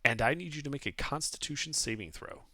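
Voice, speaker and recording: A man running a tabletop game as game master, giving calm, matter-of-fact rulings. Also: medium pitch, quick pace, dry recording, clean studio sound.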